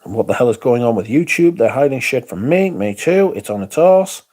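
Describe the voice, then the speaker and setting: A man's voice: mid-range voice, expressive, moderate pace, a little mellow. A man hosting a livestream, chatting casually, reading out comments and swearing in exasperated asides. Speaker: livestream host.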